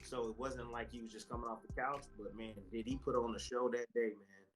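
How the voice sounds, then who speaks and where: A man's voice: medium pitch, brisk, soft background music. A man guest in a casual interview, telling a story with energy and acting out the voices of the people he quotes. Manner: animated storyteller who acts out quoted voices. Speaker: boxer guest.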